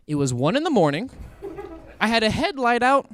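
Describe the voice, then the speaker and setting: A man's voice: extremely high pitch, moderate pace. A young man from Kansas City doing a crude stand-up comedy set on stage before a live audience. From Kansas City, USA. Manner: crude, animated storytelling.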